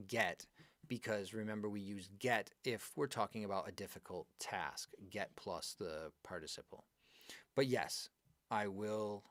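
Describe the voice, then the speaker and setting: A man teaching an English grammar class live, going over exercises and praising his students by name in a lively, chatty way. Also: on the low side, no room sound.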